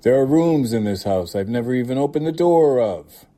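A man reading aloud voices a sharp-tongued old woman, an aunt who scolds and frets even after death. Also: on the low side, lightly acted. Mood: tart, scolding. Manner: scolding, brisk.

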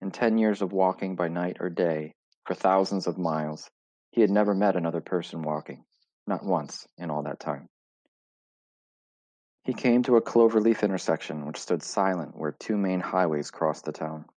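A man narrating a story in a measured, deliberate reading style. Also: low voice, darkish tone, dry recording. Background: faint music.

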